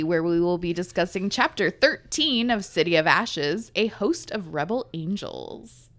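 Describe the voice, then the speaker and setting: A woman's voice: on the low side, lively intonation, unhurried, fairly bright tone. A young woman co-hosting a casual book podcast, laughing often as she tells stories. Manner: giggly, storytelling. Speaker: podcast co-host. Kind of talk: casual chat.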